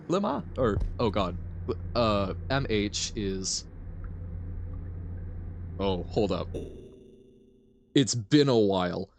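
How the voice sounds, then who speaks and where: Lively, giggly male game streamer. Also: mid-range voice, dry recording. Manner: chatty, giggly, reads chat aloud. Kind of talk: casual gameplay commentary.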